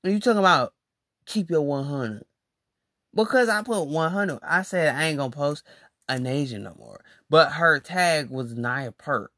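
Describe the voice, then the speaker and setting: A podcast host telling a story in a casual monologue, slangy and animated, acting out quoted lines with big jumps in pitch. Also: normal speed, no room sound, studio quality.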